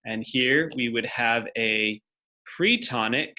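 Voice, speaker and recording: Taking it slowly, a male teacher gives a step-by-step classroom lecture, explaining as he writes on a board and thinking out loud. His voice is mid-range, with a pushed, bright quality.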